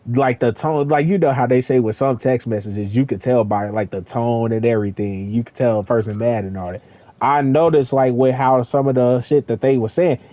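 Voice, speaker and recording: A man's voice: on the high side, dry recording. A young man casually telling a rambling, profanity-laced story to his friends. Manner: profane, rambling, animated with laughs. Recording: tinny phone-like dry recording.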